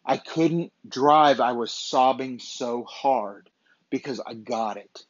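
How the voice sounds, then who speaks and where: A man's voice: medium pitch, slow, no echo. A man hosting a motivational podcast, talking in a blunt, emphatic, profane and repetitive way. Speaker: podcast host. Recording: dull, dry lo-fi recording.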